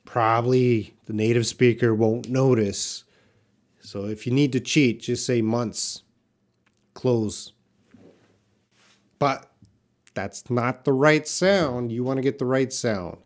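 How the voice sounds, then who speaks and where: A man teaching a live online English lesson, slowly repeating words for pronunciation practice and answering viewers' questions by name. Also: mid-range voice. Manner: slow, careful, repeats words for pronunciation drills.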